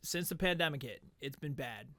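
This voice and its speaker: A man guesting on a casual podcast, telling stories with lively swearing and acting out other people's lines. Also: mid-range voice, normal speed, no echo. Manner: animated storyteller who acts out what others said; swears freely. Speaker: podcast guest, MMA striking coach and fighter. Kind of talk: casual podcast chat, storytelling.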